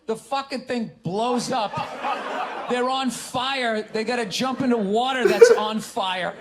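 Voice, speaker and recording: A man's voice: very high voice, measured pace, a crowd in the background. A middle-aged man, a comedian, ranting bluntly and sarcastically in a stand-up and podcast style. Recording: clip with audience laughter.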